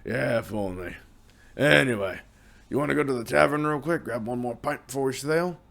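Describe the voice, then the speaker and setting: A man voicing a rough male pirate who jokes with his crewmates in a storytelling retelling. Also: mid-range voice, normal speed, a bit bright. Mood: joking.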